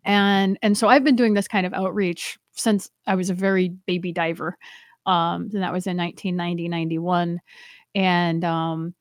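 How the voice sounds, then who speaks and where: A woman's voice: on the low side, level tone, moderate pace, no room sound, clean studio sound. A woman in her fifties, a diver educator, chatting in an interview. She talks animatedly, laughs often, and trails off and restarts her sentences. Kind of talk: casual interview chat.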